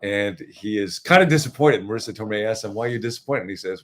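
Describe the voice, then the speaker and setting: A man's voice: fairly low pitch, expressive, fast, few pauses. A middle-aged man, a pastor, co-hosting a livestreamed devotional talk and teaching in a conversational way with asides to viewers. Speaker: pastor and co-host.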